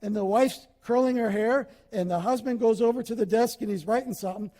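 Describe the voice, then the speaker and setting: Man, pastor, sermon, high pitched, animated preaching. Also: fairly quick, long reverb tail. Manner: animated preaching with acted-out quotes.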